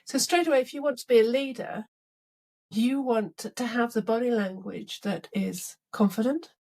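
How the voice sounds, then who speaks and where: A woman's voice: a little high, normal speed, vocal fry. A middle-aged woman leadership coach in a podcast interview, telling stories and acting out both sides of conversations. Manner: animated storytelling, acts out dialogue.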